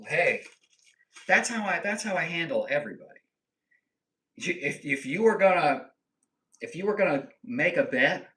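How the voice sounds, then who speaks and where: A young man chats with his stream chat in playful, trolling banter. His voice is bright and forceful and a little higher than most men's. He sits back from the mic in a roomy, echoey space. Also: recorded from a distance. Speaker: livestream host. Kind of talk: casual live-stream chat reading comments. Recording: echoey room, voice a bit off-mic.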